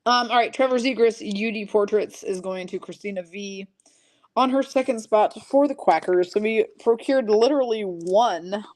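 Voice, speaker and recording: A woman hosting a live-streamed trading card break, briskly calling out each pull and teasing her chat viewers. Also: medium pitch, a little mellow.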